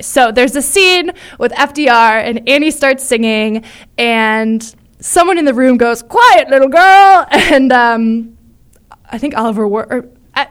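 Chatty higher-voiced woman. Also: a bit bright, clear, resonant tone. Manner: chatty, many fillers, enthusiastic. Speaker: podcast co-host. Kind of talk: casual chat about musicals.

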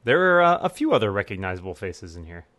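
A man's voice: fairly low pitch, sing-song, fast, a bit bright, no echo. A man hosting a casual movie commentary podcast, wry and joking, on a close mic. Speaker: podcast host.

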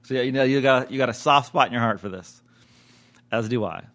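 A man's voice: mid-range voice, a little fast. A man co-hosting a podcast as a TV critic, chatting casually and jokily, often breaking into mock outbursts. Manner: animated, jokey, swings into mock outbursts. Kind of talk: casual chat.

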